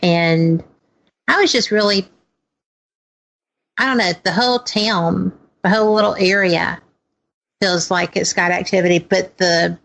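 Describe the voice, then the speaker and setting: A woman's voice: lowish voice, a little slow, gravelly, long pauses, fairly bright tone. A woman co-hosting a radio talk show, chatting casually with brief, supportive reactions. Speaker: co-host.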